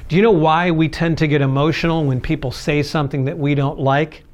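A man's voice: a little high, fairly even intonation, brisk, hardly any pauses. Earnest conversational male preacher. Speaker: pastor. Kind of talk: sermon.

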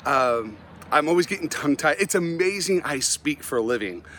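A middle-aged man, a Christian motivational speaker, telling humorous stories about himself in an animated, self-mocking way and often laughing at his own tales. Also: fairly high pitch, normal speed, slight background noise. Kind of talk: humorous storytelling talk.

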